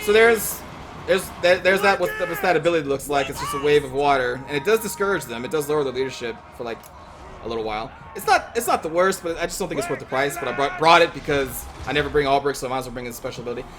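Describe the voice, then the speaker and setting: A man casually commentates his own strategy game match, quick and excitable, swearing when things go wrong. His voice is a little high, with background noise audible.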